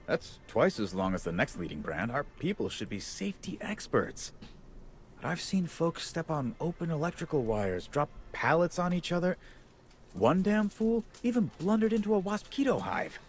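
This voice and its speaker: A gruff fed-up orchard boss in a game, sardonic, voice swings up and down a lot. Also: male voice, fairly high pitch, a little hiss or hum. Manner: blunt, sardonic, folksy. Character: harried gruff male orchard overseer. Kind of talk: video game voice acting.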